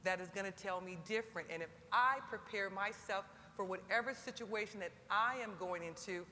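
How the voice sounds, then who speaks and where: A woman speaking on a senior enlisted panel in an emphatic, motivational way, building to animated exhortation. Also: mid-range voice, brisk, hardly any pauses. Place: large conference hall. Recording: long hall reverb with faint crowd noise.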